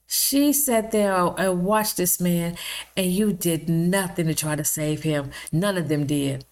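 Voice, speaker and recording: A woman's voice: fairly low pitch, slow pace, a little mellow. A woman, giving impassioned vlog commentary, indignant and emphatic, repeating lines for stress. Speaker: video blogger.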